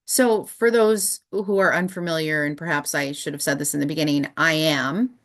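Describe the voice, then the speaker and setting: A woman in her thirties telling a personal spiritual story, thoughtful and full of pauses. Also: low voice, steady tone, a bit bright. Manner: thoughtful, with many pauses and fillers. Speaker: spiritual channel host. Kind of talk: reflective personal monologue.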